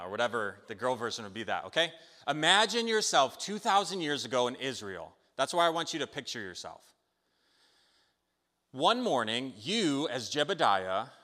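A man preaching a sermon in a conversational, animated way, telling a story and checking in with the listeners. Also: medium pitch. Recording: long hall reverb.

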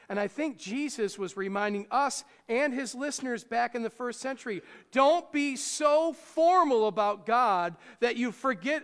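Male pastor, high voice, conversational sermon delivery, long church reverb. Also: fairly bright tone, clean tone. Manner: conversational, asks the congregation questions.

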